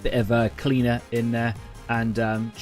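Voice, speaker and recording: Casting: man in his thirties, middle-pitched, casual chatty stream host, faint music under. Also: completely flat delivery, measured pace, a little mellow. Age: 30s. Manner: rambling, chatty, many fillers and restarts. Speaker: host of a live painting stream. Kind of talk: casual live-stream chat.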